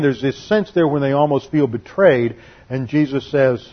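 Husky male preacher teaching a sermon. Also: mid-range voice. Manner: measured, deliberate teaching delivery with slowed emphasis on key phrases. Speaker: pastor. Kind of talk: expository Bible teaching sermon. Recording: dull lo-fi recording.

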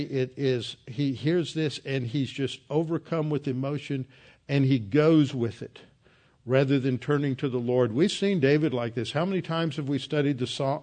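A man teaching an expository Bible sermon in an emphatic, earnest manner, with an average pitch for a man. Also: a little mellow. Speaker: preacher.

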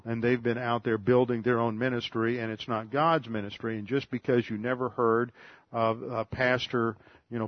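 A man's voice: medium pitch, no room sound, lo-fi sound. A man preaching an expository Bible sermon, earnest and methodical, repeating phrases for emphasis. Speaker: pastor.

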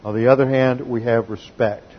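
A man's voice: mid-range voice, fairly even intonation, moderate pace, muffled recording. A man giving a methodical sermon that teaches doctrine step by step and reads scripture aloud. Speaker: pastor.

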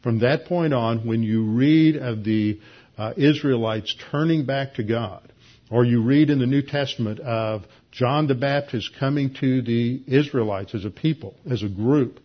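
A man giving a Bible class lecture, explaining at a measured pace with frequent filler pauses. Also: mid-range voice, muffled recording. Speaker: Bible teacher.

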